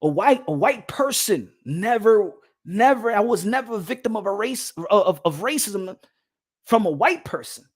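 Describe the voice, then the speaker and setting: Male host, emphatic storyteller who bursts into loud acted-out quotes. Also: sits high, lively intonation, moderate pace, slightly rough. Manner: emphatic, repeats phrases, acts out quotes loudly. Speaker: boxing podcast host. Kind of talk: animated storytelling.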